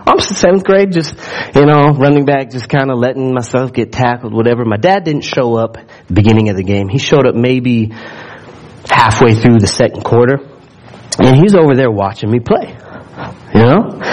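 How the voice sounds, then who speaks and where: A man's voice: mid-range voice, lively intonation, normal speed, a little mellow, poor audio. A man preaching a sermon, telling a story with asides and questions to the congregation, often repeating words as he builds up. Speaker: pastor.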